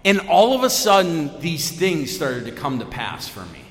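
A man giving a personal recovery talk at a meeting, telling his story casually with lots of fillers and sudden jumps in pitch and loudness. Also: normal speed. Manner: lively storytelling with big pitch swings, many fillers. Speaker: AA main speaker. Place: meeting room. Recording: echoey hall, long reverb.

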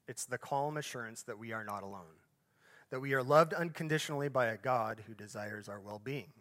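Man preaching, phrases fading to a hush. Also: medium pitch, fairly quick. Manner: phrases swell louder then drop off to a soft, hushed finish; conversational asides and self-corrections. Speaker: pastor. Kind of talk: sermon.

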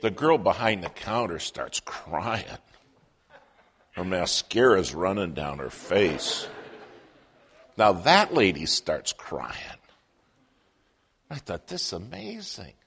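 A male preacher telling a story in a sermon, in an animated, humorous way. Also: sits low, takes it slowly, pauses often, slightly rough.

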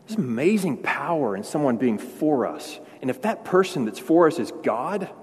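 A man's voice: on the high side, sing-song, normal speed, husky. A man in his forties, a pastor, preaching a sermon in a conversational way that builds to emphatic peaks. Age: 40s. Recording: long hall reverb.

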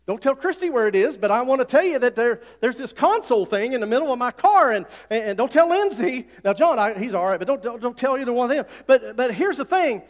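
High-voiced preacher in an echoing church. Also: male voice, lively intonation, quick pace, few pauses. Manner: folksy, repetitive, builds to loud preaching. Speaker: pastor. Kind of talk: sermon. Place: church sanctuary. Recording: long hall reverb.

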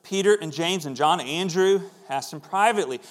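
A middle-aged man preaching a sermon in a relaxed, conversational way, now and then acting out the voices of people in the story. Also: fairly high pitch, brisk. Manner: conversational, acts out voices in quotes. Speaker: pastor.

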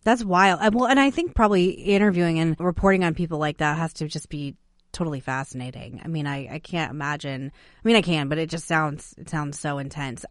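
A woman's voice: sits low, a little fast, dry recording, studio quality. A woman in her thirties hosting a podcast, chatting casually with her guests and using many fillers. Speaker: podcast host. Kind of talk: casual interview chat.

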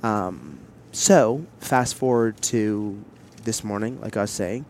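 A man with a lowish, slightly mellow voice speaks slowly as a podcast host, telling a long personal story in casual chat. He's candid and rambling, full of fillers and side remarks, and he's recorded outdoors in public on a headset mic with slight background noise.

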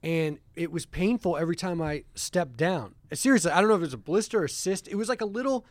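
A man's voice: high voice, fast, no echo. Self-deprecating man hosting, dry studio. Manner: self-deprecating, rambling with restarts. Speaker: podcast host. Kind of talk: casual studio chat.

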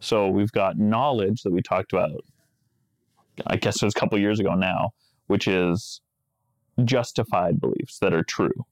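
A man's voice: deep voice, steady tone, moderate pace, long pauses, no room sound. A man co-hosting a podcast in casual chat, wry and joking, laughing often. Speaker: podcast co-host.

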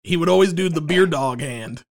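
A man co-hosting a podcast, rambling and halting through an improvised comedy chat. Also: on the high side, creaky. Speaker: podcast co-host.

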